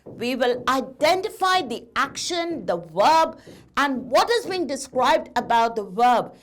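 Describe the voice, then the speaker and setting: A woman teaching a grammar lesson, speaking slowly and emphatically and putting questions to her students. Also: high voice, sing-song, fairly bright tone.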